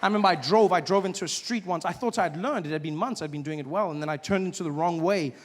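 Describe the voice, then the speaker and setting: A man doing a stand-up comedy set, telling stories and acting out other people's voices with loud, high outbursts. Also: fast talker, in a large hall.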